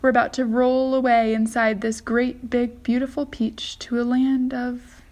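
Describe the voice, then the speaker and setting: A woman voicing a kind and gentle female ladybug who patiently explains things in a storybook reading. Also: on the high side, flat delivery, unhurried, pitched above the performer's own voice, lightly acted. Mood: kindly. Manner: kindly, explaining.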